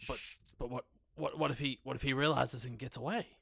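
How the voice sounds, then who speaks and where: Fretful village shopkeeper, stammering, put on by a man running the game. Bright, gravelly tone. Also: mid-range voice, fairly even intonation, fairly quick, no echo, pitched above the performer's own voice. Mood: alarmed. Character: flustered male village shopkeeper.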